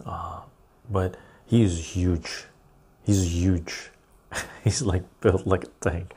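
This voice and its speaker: A man's voice: low-pitched, fairly even intonation, takes it slowly, gravelly, dark tone, husky. A man hosting a live stream, chatting casually and rambling as he reads out and answers viewer comments.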